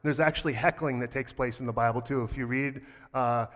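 A man preaching a sermon, talking in a relaxed, conversational way with a playful, sarcastic streak, and reading scripture aloud. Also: mid-range voice, fairly quick, big-room sound. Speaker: pastor.

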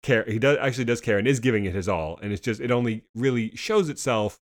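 A man's voice: mid-range voice, lively intonation. A man co-hosting a casual talk about TV episodes, rambling and restarting his sentences often. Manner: fast, rambling, many restarts. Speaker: podcast co-host. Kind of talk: casual TV discussion.

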